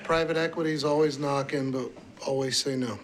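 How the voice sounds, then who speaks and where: A man's voice: medium pitch, steady tone, normal speed, a little hiss or hum. A man who owns a towing company giving brief, firm answers at a hearing.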